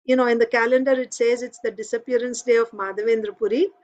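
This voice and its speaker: A woman's voice: a little high, fairly even intonation, fast, darkish tone, lo-fi sound. A woman giving a devotional scripture class, telling a story in a conversational way with frequent fillers.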